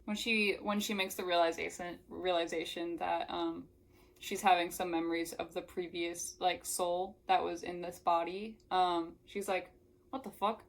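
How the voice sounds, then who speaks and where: A woman's voice: fairly low pitch, little pitch movement, moderate pace, vocal fry. A young woman who reviews books, reading a novel aloud and breaking off into casual, exasperated asides. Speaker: book reviewer.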